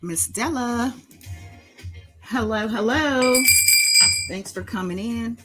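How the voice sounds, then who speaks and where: A woman's voice: fairly high pitch, slow, loud music behind the voice, rough recording. A woman hosting a casual live stream in a sing-songy voice, greeting her chat members by name. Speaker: livestream host.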